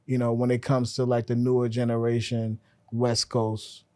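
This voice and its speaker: A male podcast host in casual conversation, asking questions in a relaxed, curious way. He restarts his sentences often as he feels his way toward the point. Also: medium pitch, moderate pace. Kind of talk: casual interview chat.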